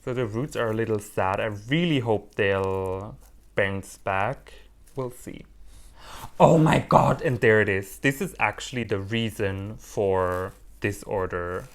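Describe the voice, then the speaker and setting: A man vlogging casually as he unboxes plants, animated, playful and quick to mock himself. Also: on the low side. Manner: animated, playful and self-mocking. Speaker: orchid hobbyist vlogger.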